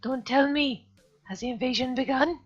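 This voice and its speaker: A woman voicing a paranoid, reclusive teenage boy who rants in loud, panicky outbursts. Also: high voice, moderate pace, slightly rough, voice pushed up. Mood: frantic. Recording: dull lo-fi stream audio, faint music.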